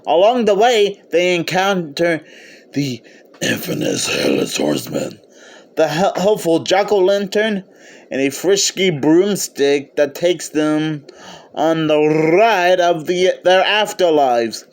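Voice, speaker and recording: A man's voice: sits high, takes it slowly. A man giving an eager, casual video review of a film, often stopping to restart or correct himself. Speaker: movie reviewer.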